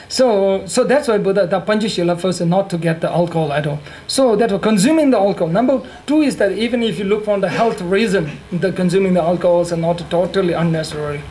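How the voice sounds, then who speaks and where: Tibetan-accented male monk, higher voice, halting and self-correcting, light laughter, faint hiss behind. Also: darkish tone, low-quality recording. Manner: halting, repeats and corrects himself, laughs often. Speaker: Buddhist monk teacher. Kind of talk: dharma teaching with humor. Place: teaching hall.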